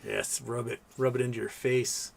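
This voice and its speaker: A man's voice: mid-range voice, level tone, moderate pace, vocal fry. A man hosting a casual livestream, reading viewer comments aloud and chatting to his pets between them. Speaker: livestream host.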